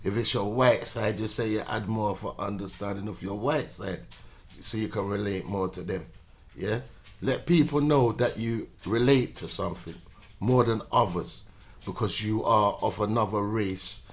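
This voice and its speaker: A man giving a preachy opinion monologue, repeatedly checking in with "yeah?". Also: fairly low pitch. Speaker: commentator.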